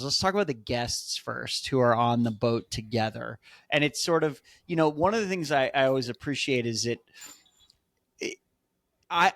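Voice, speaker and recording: A man co-hosting a podcast in casual chat, excited, with stammering restarts and swearing. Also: mid-range voice, no room sound. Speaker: podcast co-host.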